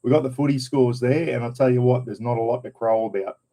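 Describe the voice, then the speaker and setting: Male North Queensland Aussie host, casual live chat, mellow tone, rambling and slangy. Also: medium pitch, fairly even intonation, quick pace. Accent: North Queensland Australian. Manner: laid-back, rambling, broad colloquial slang. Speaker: vlogger. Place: home, indoors.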